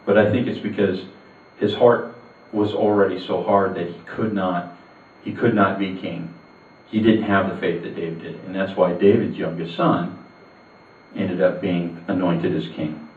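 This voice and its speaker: A man preaching in a church hall, his low voice recounting a Bible story in a chatty, storytelling manner. The room rings around him, he sits far from the mic, and the sound is narrow and phone-like. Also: fairly even intonation, measured pace, a little hiss or hum. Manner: storytelling, conversational with asides. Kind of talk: sermon retelling a Bible story.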